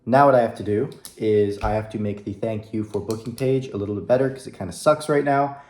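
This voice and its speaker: A man's voice: on the low side, fairly quick, darkish tone. A young man talking casually to the camera in a video diary, upbeat and rambling, with fillers, at his computer. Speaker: vlogger. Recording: echoey room.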